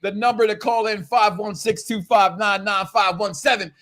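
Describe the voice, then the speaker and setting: A man hosting a casual wrestling talk show, loud and joking with plenty of trash talk. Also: high-pitched, fairly even intonation, moderate pace. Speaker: show host.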